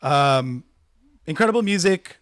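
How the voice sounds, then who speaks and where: A man's voice: a little high, animated, a little slow, fairly bright tone, dry recording, clean studio sound. A young man co-hosting a podcast in casual chat, animatedly retelling movie scenes and acting out lines. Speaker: podcast co-host.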